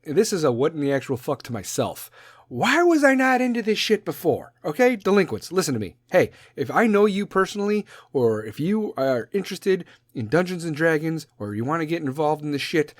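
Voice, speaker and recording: Chicago podcast host, forties, swears constantly, swooping animated delivery, dry close sound. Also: male voice, fairly high pitch, normal speed, no echo. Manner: profane, rambling, jokey. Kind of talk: casual rant.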